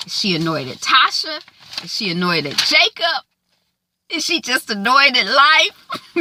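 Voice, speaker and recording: A woman giving a casual, animated recap of a TV episode, acting out the characters' lines with big jumps in pitch. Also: dry recording. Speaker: TV recap host.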